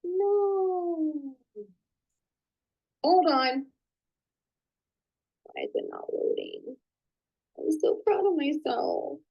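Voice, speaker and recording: A woman hosting a live online business training, chatty and excitable, talking to viewers and muttering to herself while she fixes her slides. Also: sits high, extremely slow, creaky, long pauses, muffled recording. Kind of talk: casual live-stream coaching.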